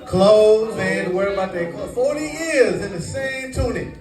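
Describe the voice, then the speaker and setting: A man's voice: high voice, animated, normal speed, music in the background, a crowd in the background. A man teaching scripture to a congregation, quizzing them to fill in the words. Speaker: Bible teacher. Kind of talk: call-and-response sermon teaching. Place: congregation meeting room. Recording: echoey room, mic far off.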